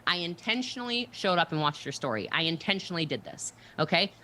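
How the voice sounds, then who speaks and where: A woman coaching recruiters on a livestream in a brisk, emphatic way, often checking in with "okay?". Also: on the low side, very animated, sharp tone, slight background noise. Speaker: network marketing mentor on a livestream.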